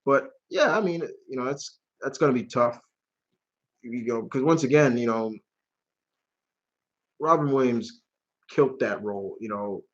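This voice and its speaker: Guy hosting a live q&a stream, casual and rambly, cusses a bit, mid-pitched voice, kinda lo-fi sound. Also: a little slow, long pauses. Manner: rambling, casual, swears freely. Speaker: channel host.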